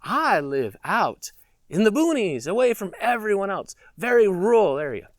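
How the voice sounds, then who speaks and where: A man voicing a smug, pompous rural man who sneers at city dwellers in a drawn-out way. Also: sits high, big pitch swings, no echo, studio quality. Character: smug know-it-all rural man mocking city folk.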